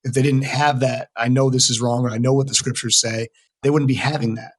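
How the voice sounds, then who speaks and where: A man's voice: mid-range voice, steady tone, a little fast, no room sound. A middle-aged American man, a guest in a podcast interview, speaking earnestly and emphatically in casual conversation. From United States. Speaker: veteran mental health worker, interview guest.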